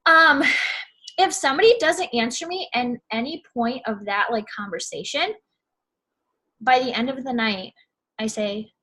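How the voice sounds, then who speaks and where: Bright, chatty young woman. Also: on the high side. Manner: chatty, fillers like "you know what I'm saying", animated quoting. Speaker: network marketing seller. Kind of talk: casual advice vlog.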